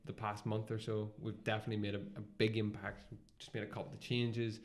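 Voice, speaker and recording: A man's voice: lowish voice, monotone, quick pace. A young man co-hosting a podcast, chatting casually and laughing easily. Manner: laid-back, laughs easily, short reactions. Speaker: podcast co-host. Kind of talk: casual chat.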